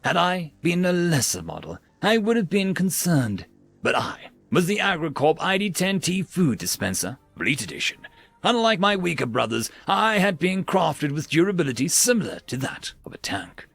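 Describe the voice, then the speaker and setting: Give me a man narrating with a theatrical, gravelly voice over soft music. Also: a little high, very animated, normal speed. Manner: wry, theatrical storytelling. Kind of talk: story narration.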